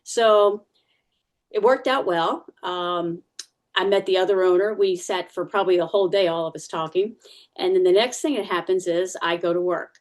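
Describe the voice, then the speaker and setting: A woman's voice: lowish voice, normal speed. Chatty woman telling her church testimony. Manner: chatty storyteller, frequent fillers and restarts. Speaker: church member giving a testimony. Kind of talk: conversational personal testimony.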